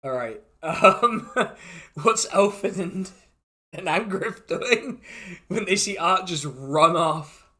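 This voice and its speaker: A man narrating a tabletop game session as its dungeon master. His voice sits fairly high and sounds bright and forward. He rambles cheerfully, chuckles between lines and fills the gaps with "like" and "um". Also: animated, takes it slowly. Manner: chuckling often, loose and rambling with many fillers.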